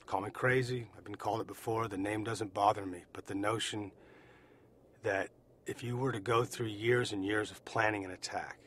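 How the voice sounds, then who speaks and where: An American man recounting his own experience as an eyewitness, speaking deliberately and repeating phrases for emphasis. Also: on the low side, a bit bright, slight background noise. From United States. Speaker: eyewitness survivor. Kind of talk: personal testimony.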